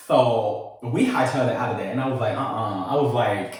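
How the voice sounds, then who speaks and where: A man hosting a casual storytime, telling a personal tale in a sassy, animated way with laughing asides. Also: medium pitch, brisk, hardly any pauses, very echoey, distant mic. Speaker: storytelling host.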